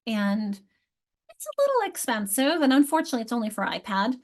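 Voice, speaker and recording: A woman's voice: fairly high pitch, big pitch swings, fairly quick. A woman presenting a teacher training session on reading and spelling, explaining step by step with frequent restarts and questions to her audience. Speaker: literacy workshop presenter.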